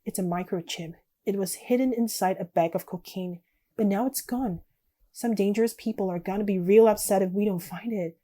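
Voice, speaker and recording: A woman's voice: medium pitch, normal speed, mellow, natural voice. A woman voicing a guarded young woman gang member in a text game, read aloud plainly. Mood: tense.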